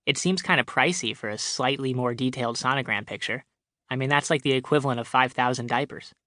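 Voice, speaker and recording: A man voicing a caring pregnant wife in an audiobook story, speaking gently. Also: mid-range voice, fairly quick, no echo, clean studio sound, close to an everyday voice. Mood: doubtful. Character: loving pregnant young wife, sympathetic.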